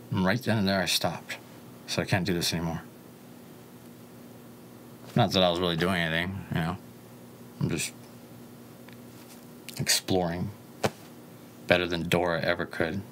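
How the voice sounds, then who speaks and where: Profane rambling man, low voice. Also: a little hiss or hum. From Southern California. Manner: profane, rambling, drifts between loud asides and low muttering. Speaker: interview guest. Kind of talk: rambling casual storytelling.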